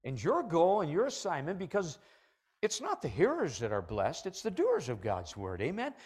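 A middle-aged man preaching a sermon from the pulpit of a church, animated and building to loud, emphatic peaks. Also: high-pitched, normal speed. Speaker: pastor. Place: church sanctuary.

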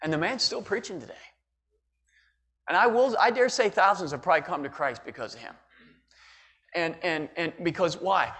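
A man preaching a sermon in church, his voice pitched fairly high for a man. He is middle-aged and talks fervently, checking in with his listeners again and again. He speaks as a pastor addressing his congregation. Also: expressive, normal speed, a bit bright. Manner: impassioned preaching with repeated "all right?" and "listen".

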